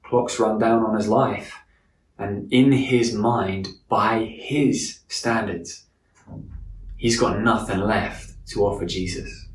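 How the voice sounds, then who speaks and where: Low-voiced man preaching in an echoey room. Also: steady tone, distant mic, a little hiss or hum. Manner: earnest, slows and softens for emphasis. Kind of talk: sermon.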